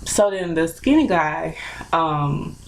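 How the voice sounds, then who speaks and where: A young woman telling a personal story in a casual, animated, chatty way with lots of fillers. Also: deep voice, takes it slowly, a little hiss or hum, poor audio. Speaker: vlogger.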